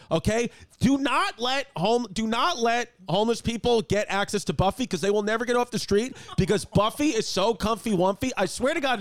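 Brief: young male podcast host, high voice, crude rambling jokes, dry close mic. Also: no room sound. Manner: loud, jokey, rambling, crude humor. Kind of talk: casual podcast chat with host-read ads.

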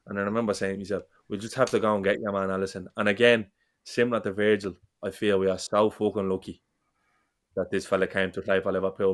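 Low, flat-voiced man, sweary. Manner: passionate, sweary, repeats words. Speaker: podcast co-host. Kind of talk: casual football podcast chat.

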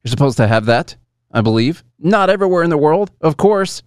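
A man's voice: fairly high pitch, expressive, a little fast, smooth, no echo, studio quality. A man hosting a casual commentary show, musing aloud and hedging as he talks to his viewers and answers chat. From United States.

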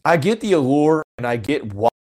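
A man's voice: on the high side, big pitch swings, normal speed, darkish tone. Rambling man talking college basketball. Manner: rambling, heavy "you know" fillers, frank opinions. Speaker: sports podcast host. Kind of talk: casual solo sports commentary.

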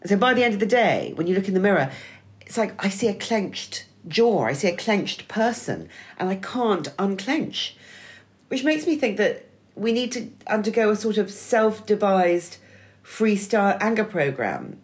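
A woman's voice: medium pitch, big pitch swings, normal speed. A middle-aged woman co-hosting a podcast, speaking with wry, dramatic emphasis on key words. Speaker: podcast co-host. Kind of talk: scripted-sounding podcast chat.

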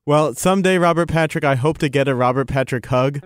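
Joking podcast host, man's low gravelly voice. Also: fairly quick, faint music behind. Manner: joking, playful. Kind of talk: casual interview chat.

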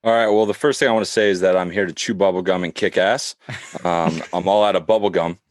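A man's voice: deep voice, steady tone, fast, no echo, studio quality, natural voice. A man playing a brash, boastful male football coach with a put-on Southern drawl. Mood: cocky. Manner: cocky, swaggering. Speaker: podcast co-host.

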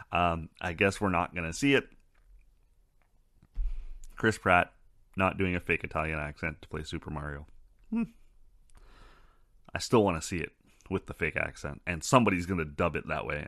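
A man's voice: deep voice, moderate pace, long pauses, pushed and bright, no echo, studio quality. A man hosting a casual podcast chat, swearing freely and wandering into rambling asides. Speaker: podcast host.

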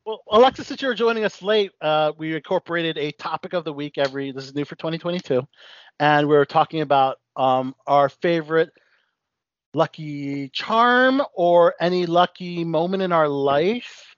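Male radio host, slightly high voice, dry lo-fi sound, rambling delivery. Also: moderate pace, dry recording. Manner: rambling, filler-heavy. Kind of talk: casual radio chat.

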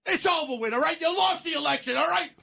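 Loud ranting older New man. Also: extremely high pitch, quick pace, gravelly, background noise. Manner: loud, ranting, shouts insults. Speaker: radio host. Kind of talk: talk radio rant.

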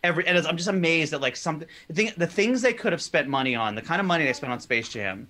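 Bright-voiced man in rambling chat. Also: a little high, quick pace. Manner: rambling, animated, laughs often. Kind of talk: casual chat.

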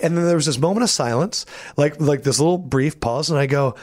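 A man's voice: a little high, fast. A man co-hosting a podcast, telling a story in casual chat and acting out the people in it. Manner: animated, acts out voices in anecdotes. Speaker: podcast co-host.

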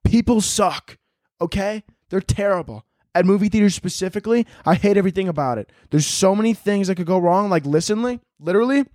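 A young man rants on his solo podcast, animated and sarcastic, with plenty of swearing. His voice sits fairly high for a man. The recording is close and dry. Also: fast, hardly any pauses, no echo. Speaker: podcast host. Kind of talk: casual solo podcast rant.

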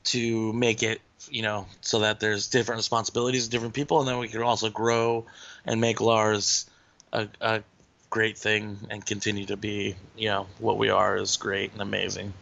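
A man talking as a guest in a casual podcast chat, halting with many fillers. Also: fairly low pitch, completely flat delivery, gravelly, fairly bright tone, dull audio.

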